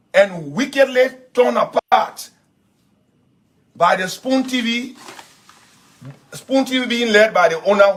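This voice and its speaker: A man with a high-pitched voice makes a combative political speech on the air. He repeats words and trips over names as he pushes his points. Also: a bit bright. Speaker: political speaker on the radio.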